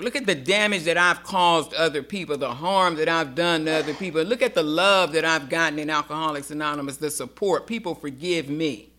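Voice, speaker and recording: A woman's voice: on the low side, sharp tone. A middle-aged woman sharing her personal testimony at a recovery meeting, telling her story emphatically and acting out the dialogue she quotes.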